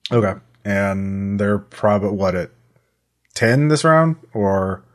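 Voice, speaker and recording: A man's voice: fairly low pitch, lively intonation, slow. A man playing a tabletop game, talking casually with hesitations and wry remarks. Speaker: player.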